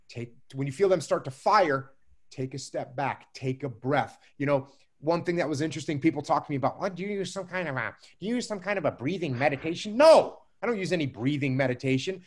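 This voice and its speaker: A man answering interview questions about leadership in a measured, emphatic way, often repeating key phrases. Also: a little high. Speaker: guest speaker on leadership.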